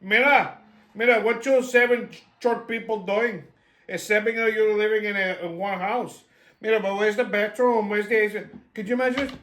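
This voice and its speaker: A man's voice: sits high, steady tone, moderate pace, fairly bright tone, echoey room, voice pushed up. A man mimicking a Puerto Rican-accented young woman. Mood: mocking. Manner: exaggerated mocking impression. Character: mocking caricature of a young woman lost in woods.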